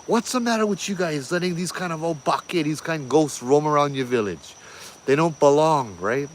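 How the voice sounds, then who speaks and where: A man playing a gentlemanly traveling merchant, his voice pushed higher and urgent. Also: lively intonation, fairly quick, a little hiss or hum, lightly acted. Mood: angry. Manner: raised, pleading then yelling.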